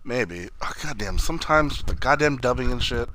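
A man's voice: medium pitch, animated, a little fast, sharp tone, slight background noise. A young man chatting casually with a friend, laid-back, swearing and calling him buddy. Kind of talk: casual chat.

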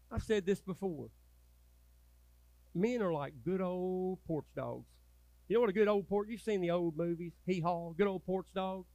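A man preaching a sermon as pastor, folksy and swinging from loud urging to low, quiet asides. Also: lively intonation, a little slow, no echo. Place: church sanctuary.

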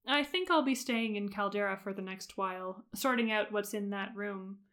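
A woman voicing a gentle, wistful young monk. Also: medium pitch, normal speed, lightly acted. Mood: reflective. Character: gentle earnest young male monk, wise beyond years.

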